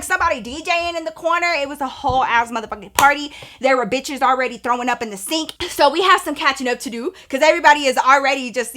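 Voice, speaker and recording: A woman in her twenties telling a casual, profane story time to her viewers, animated and chatty. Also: high voice. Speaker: storytime vlogger.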